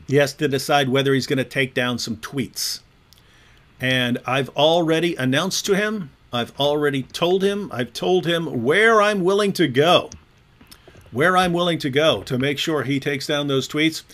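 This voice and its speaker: A man's voice: fairly high pitch, measured pace, fairly bright tone. A man co-hosting a casual online discussion, sarcastic and mocking as he talks. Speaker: co-host.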